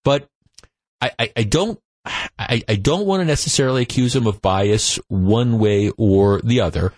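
A man's voice: on the low side, moderate pace, dry recording. Man, sports radio host, exasperated rant, stumbling restarts, dry close studio sound. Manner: animated, exasperated ranting with frequent restarts. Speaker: radio talk show host. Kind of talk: call-in sports talk radio. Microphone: studio microphone.

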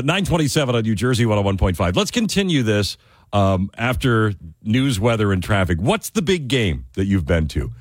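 A man's voice: lowish voice, dry recording, studio quality. A man hosting a call-in radio talk show, chatting in a friendly way with callers. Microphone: studio microphone.

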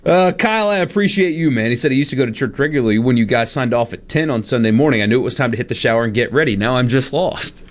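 A man's voice: medium pitch, animated, quick pace, few pauses. A man in his thirties co-hosting a radio show, chatting casually and laughing at himself. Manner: chatty, self-deprecating, laughs often.

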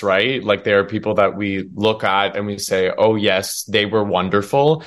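Male stage actor interviewed, low voice, earnest and thoughtful. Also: fairly bright tone. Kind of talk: interview answers.

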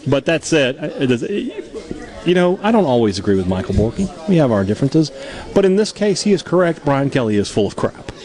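Sarcastic radio co-host, animated. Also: male voice, medium pitch, a little fast. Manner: sarcastic, jokey, emphatic. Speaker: sports talk co-host. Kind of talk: casual sports radio banter.

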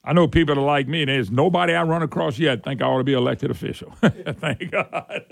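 A man hosting an opinionated political talk show, sarcastic and quick to laugh. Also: gravelly, no echo, studio quality. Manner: sarcastic, laughs often, voice jumps high when mocking. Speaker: radio talk show host.

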